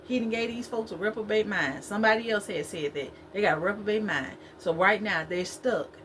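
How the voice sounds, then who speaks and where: A woman's voice: mid-range voice, fairly quick, fairly bright tone, slight background noise. A woman giving a spiritual talk to her viewers, preachy and repetitive, in a conversational way. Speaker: spiritual vlogger.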